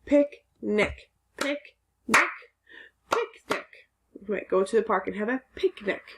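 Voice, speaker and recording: A woman's voice: medium pitch, moderate pace, heavy background noise. A woman teacher giving a recorded phonics lesson for young children, patiently sounding out words syllable by syllable.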